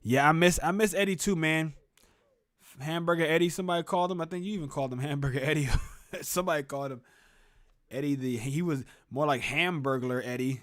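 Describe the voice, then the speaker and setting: A young man hosts a laid-back sports stream from his room. His voice sits a bit on the high side, and he rambles and chats with viewers while calling plays through a desk mic. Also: a little fast, a bit bright. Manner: rambling, chatty, talks to viewers in chat. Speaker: sports show host. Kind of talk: casual live game reaction stream. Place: at home in a room with a closet.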